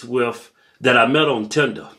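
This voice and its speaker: Husky, mumbling man teasing crudely. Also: mid-range voice, moderate pace, bright, forceful tone. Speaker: co-host. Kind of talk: casual comedic chat.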